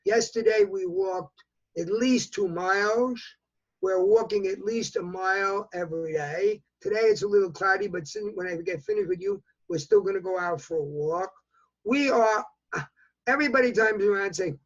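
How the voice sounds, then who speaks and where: Older New man in his 80s, high husky voice, chatty and rambling, muffled call audio. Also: expressive, moderate pace. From New York. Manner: rambling storyteller, repeats himself, chatty. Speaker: interviewee. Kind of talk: casual remote interview.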